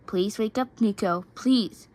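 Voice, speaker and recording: A woman reading aloud the lines of a gentle teenage boy comforting his boyfriend, in a soft, soothing, pleading way. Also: mid-range voice, takes it slowly, lightly acted.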